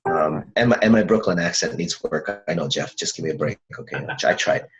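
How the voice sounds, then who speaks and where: A man co-teaching a sales class on a video call, coaching in an energetic, animated way. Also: low-pitched, a little fast, low-quality recording. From German and Hawaiian heritage, US. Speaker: co-instructor.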